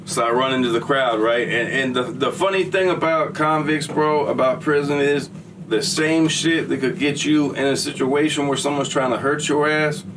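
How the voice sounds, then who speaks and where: A man's voice: mid-range voice, moderate pace, far from the mic, background noise. A man telling a story in a casual, slangy, streetwise way. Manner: slangy, streetwise, acts out quoted voices.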